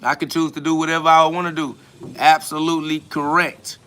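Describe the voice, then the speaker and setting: A man's voice: on the high side, flat delivery, fairly quick, fairly bright tone, smooth. A man hosting a podcast, answering listener comments in a profane, mocking spiritual rant.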